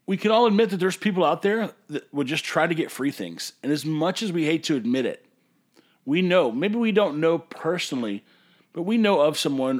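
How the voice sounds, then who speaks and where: A man, a brewery owner hosting a podcast, ranting in an emphatic, passionate way that sometimes turns to hollering. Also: on the high side. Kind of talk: casual ranting monologue.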